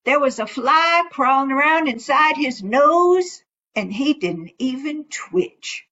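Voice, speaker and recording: A woman storyteller spinning a folktale in an unhurried, folksy drawl. Her voice sits fairly high, and she takes her time. The recording sounds dull and lo-fi. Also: expressive, sharp tone.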